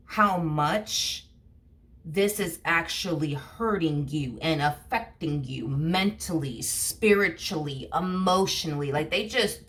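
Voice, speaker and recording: A woman's voice: on the low side, fairly bright tone. A woman giving a casual tarot reading to camera, rambling and full of fillers like "you know what I mean". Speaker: tarot reader.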